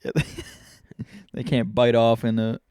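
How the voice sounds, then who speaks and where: A young man on a casual podcast, relaxed and full of offhand wisecracks and quick replies. His voice has a middling pitch. It is recorded close and dry, with no echo. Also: clean tone. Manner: laid-back, wisecracking, short replies. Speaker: podcast co-host. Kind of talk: casual chat.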